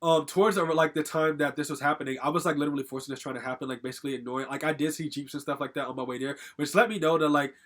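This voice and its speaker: Fast-talking young man telling a story. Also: a little high, steady tone, fairly bright tone. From Connecticut. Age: young adult. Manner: rambling, heavy use of "like" fillers, swears casually. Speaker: storytime vlogger. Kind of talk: casual storytelling.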